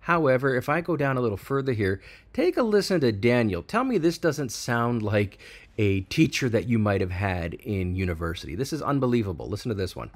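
A man hosting a tech channel, chatting excitedly through a screen-recorded software walkthrough and hyping each feature. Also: medium pitch, a little fast.

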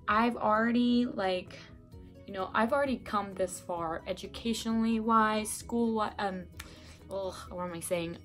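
A young woman giving casual breakup advice in a vlog, chatty and rambling, with many fillers and self-corrections, sounding a bit sick and congested from her bedroom. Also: medium pitch. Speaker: vlogger. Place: bedroom at home.

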